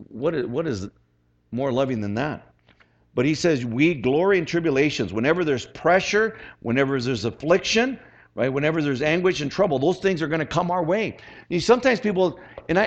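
A male pastor with a fairly high voice delivers a sermon in a loose, conversational way. He keeps checking in with his congregation and slows down to stress scripture, all on a dull, lo-fi recording. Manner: reads scripture slowly and emphatically.

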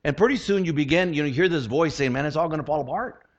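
A man's voice: on the high side, fast talker. A man in his sixties, a pastor preaching a conversational, humorous sermon full of rhetorical questions. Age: 60s. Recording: lo-fi dull sound.

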